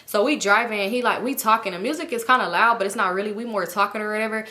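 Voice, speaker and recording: A woman telling a casual storytime, animated and full of fillers and swearing, acting out what her friends said. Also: mid-range voice, fast talker. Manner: animated, acts out quotes of friends; chatty with frequent fillers and swearing. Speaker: storytime vlogger.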